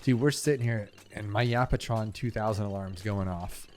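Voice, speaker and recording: At a moderate pace, a young gaming host chats through a video game in a lowish, darkish-toned voice, with a slight hiss or hum present. He rambles casually, piling on fillers and asides.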